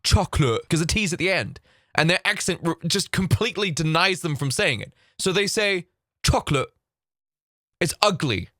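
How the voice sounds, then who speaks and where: A man's voice: sits high, brisk, dry recording. Guy ranting sarcastic on a reaction vid, voice jumping all over, dead dry sound. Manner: sarcastic, animated, mocking. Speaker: YouTube host reacting to clips.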